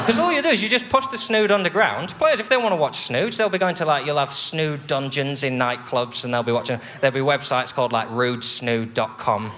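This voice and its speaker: A man's voice: medium pitch, lively intonation, a little fast, few pauses, heavy background noise. A man doing a stand-up comedy set, sweary and mocking, often slipping into silly voices. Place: studio stage with a live audience.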